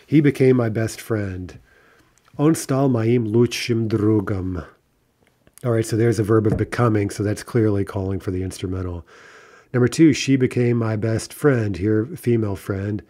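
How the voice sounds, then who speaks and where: A lower-pitched man with a mellow, dark tone talks through a grammar lesson. He explains patiently, restarts often and keeps asking "right?". He slows down carefully on each example phrase. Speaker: Russian language teacher.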